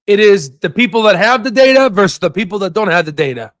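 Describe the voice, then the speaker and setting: Hyped high-voiced man streaming stocks. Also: expressive, fast, dry recording. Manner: hyped, joking, bursts of shouting, lots of "right?". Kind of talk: casual livestream commentary.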